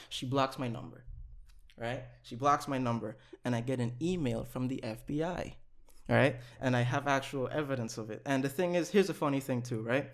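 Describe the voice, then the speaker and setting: A young man casually telling a long story on a podcast, animated, swearing and laughing as he goes. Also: mid-range voice, a little fast.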